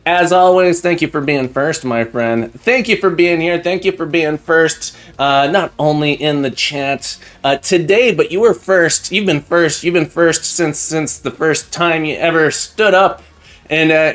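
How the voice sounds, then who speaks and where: A man on a live stream greets his chat one by one, effusive and grateful, with faint music in the background. His voice is fairly high with a fairly bright tone, and he rambles and restarts as he gets a little emotional.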